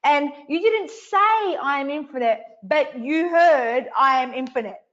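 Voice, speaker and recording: A woman's voice: high-pitched, expressive, measured pace, fairly bright tone, dull audio. A woman hosting a live online coaching session, emphatic and repetitive, swearing casually as she speaks to viewers. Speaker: online event host.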